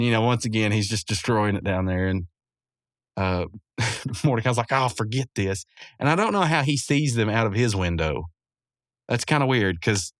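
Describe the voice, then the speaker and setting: A man's voice: lowish voice, no room sound, studio quality. Rambling man recapping an episode. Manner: rambling, chuckles often, self-correcting. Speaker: podcast host.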